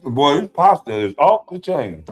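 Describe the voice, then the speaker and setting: Male streamer with a drawl, animated and jokey, pitch jumping around; casual stream talk with faint music underneath. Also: unhurried. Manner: animated, joking, crude storytelling. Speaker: stream co-host. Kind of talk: casual reaction-stream chat.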